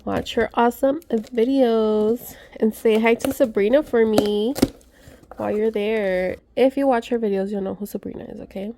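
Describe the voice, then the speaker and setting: A woman chatting excitedly to her viewers as she unboxes gifts, gushing and talking to her audience. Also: fairly high pitch, moderate pace, slight background noise. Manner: gushing, chatty, many gasps and asides to viewers. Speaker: vlogger.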